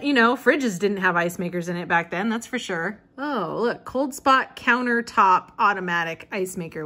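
A young woman with a mid-range, fairly bright voice chats casually while flipping through an old catalog. She's a vlogger reading bits of the vintage pages aloud and laughing often.

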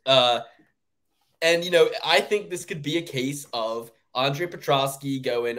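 A man co-hosting a sports betting podcast, ranting in casual, profane chat with sudden jumps up in pitch. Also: a little slow, fairly bright tone. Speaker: podcast co-host.

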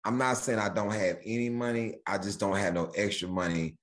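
A man, a stand-up comedian chatting as a podcast guest and acting out bits with sudden jumps in pitch. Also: steady tone, a little fast. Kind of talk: animated storytelling chat.

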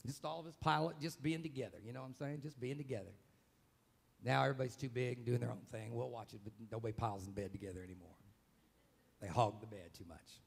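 A man preaching a live church sermon as pastor, dramatic and vocal, acting out scenes with sudden shouts. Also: mid-range voice, steady tone, quick pace, gravelly, breathy edge. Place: church sanctuary, live service.

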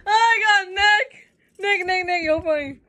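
A woman with a very high voice talks into a phone she has propped up nearby, so she sounds a little distant. She is giggly and excitable and keeps calling out to her viewers, and her words come out unhurried. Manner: giggly, excitable, keeps saying "you guys". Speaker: vlogger. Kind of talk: casual phone vlog. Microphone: phone set down nearby.

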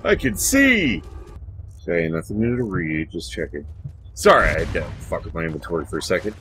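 Animated man chatting over gameplay. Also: sits low, quick pace, a little hiss or hum. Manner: chatty, swears freely, talks to in-game companions. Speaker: let's play host. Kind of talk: casual gameplay commentary. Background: video game music.

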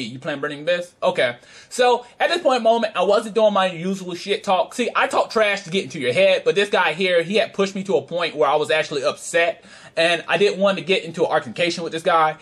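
A man's voice: high voice, a bit bright. A man casually telling a story in a vlog, brash and profane, with frequent laughter and trash-talk. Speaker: card game player recounting a tournament.

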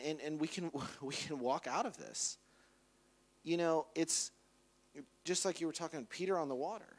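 A man preaching a conversational sermon in church, casually acting out quoted voices. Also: on the high side. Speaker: pastor.

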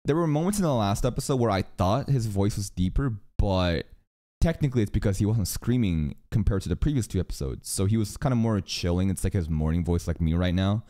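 Animated man reacting on stream. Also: lowish voice, a little fast. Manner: animated, swearing, laughs often. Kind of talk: casual reaction commentary.

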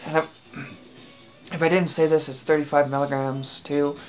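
A relaxed home reviewer who rambles through a casual product review, stopping and restarting with plenty of fillers. The voice sits at an ordinary middle pitch, and soft music plays faintly in the background. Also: normal speed. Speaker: e-liquid reviewer.

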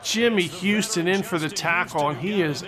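A man giving excitable, jokey play-by-play commentary over a football video game. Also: high-pitched, moderate pace, a crowd in the background. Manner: excitable and jokey, mock-announcer delivery. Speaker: gaming commentator.

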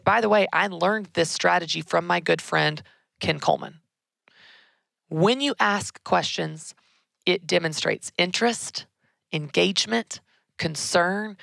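Emphatic woman with a gravelly low voice. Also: no echo, clean studio sound. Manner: energetic, emphatic, repeats key words. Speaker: podcast host answering a listener question. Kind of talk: casual advice talk.

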